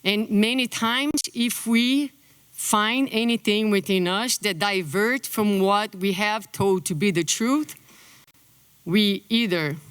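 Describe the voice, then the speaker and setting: A middle-aged woman from Brazil, a native Portuguese speaker with a Brazilian accent, giving a conference lecture in an animated way. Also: medium pitch, clean tone, no room sound. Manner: animated, acts out quotes in a lifted voice.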